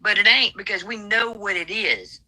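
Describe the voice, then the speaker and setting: A woman's voice: medium pitch, animated, moderate pace, over a noisy crowd, rough recording. A woman from Alabama with a Southern accent, calling in to a political talk show and speaking bluntly and emphatically. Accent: Southern American. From Alabama, USA. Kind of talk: political call-in chat.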